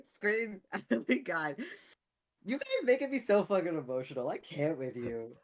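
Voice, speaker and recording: A woman's voice: lowish voice, sing-song, normal speed. A woman in voice chat with fellow players, gushing, laughing easily and swearing freely. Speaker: game player. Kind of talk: casual voice chat.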